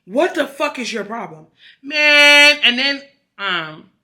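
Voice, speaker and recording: A woman vlogger telling a story in an animated, profane, emphatic rant. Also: high-pitched, takes it slowly. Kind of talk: casual ranting vlog.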